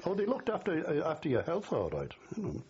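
A man's voice: on the high side, huge pitch swings, fast talker. An older man from the Liverpool area with a Scouse accent, telling stories in an oral history interview and chuckling at his memories. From Liverpool area, England. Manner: chatty storyteller, laughs at his memories. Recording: dull lo-fi recording with faint hiss.

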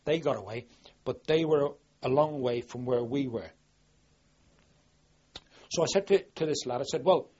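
The clip is a lo-fi oral history interview in which an older navy veteran tells wartime stories, rambling, restarting frequently and becoming animated when repeating what he said. His voice is medium-pitched and slightly rough, at a moderate pace.

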